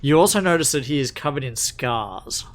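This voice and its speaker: A man's voice: mid-range voice, expressive, normal speed. A man narrating a tabletop game as game master, in a casual way with frequent restarts. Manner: casual, many restarts and fillers.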